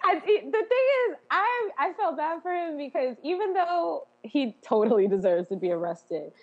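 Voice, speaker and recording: A woman recounts scenes with wry humor on a review podcast. Her voice sits somewhat high, and the audio comes through a little muffled. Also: very animated, normal speed. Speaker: podcast co-host. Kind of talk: casual review chat.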